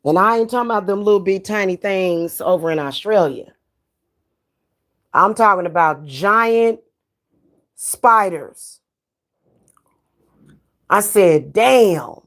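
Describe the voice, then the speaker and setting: Give me a woman psychic, chatting slowly in a slangy, profane way. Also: mid-range voice, a bit bright. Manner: slangy, loose and profane, laughs often. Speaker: spiritual reader and spellworker. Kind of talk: casual livestream chat.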